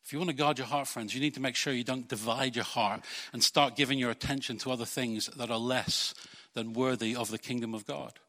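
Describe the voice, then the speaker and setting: A man preaching a sermon as pastor, putting rhetorical questions to his congregation and swinging between loud urging and quiet earnestness. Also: mid-range voice, fairly even intonation, a little fast, few pauses, big-room sound.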